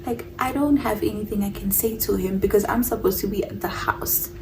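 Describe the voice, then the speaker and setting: A young woman telling a personal story on her vlog, animated and mixing English with Zulu phrases. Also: medium pitch, fairly quick, far from the mic, slight background noise, low-quality recording. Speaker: vlogger.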